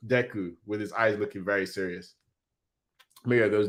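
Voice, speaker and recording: A man hosting a casual manga reaction, reading panels aloud in an excitable, slangy way. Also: fairly low pitch, normal speed.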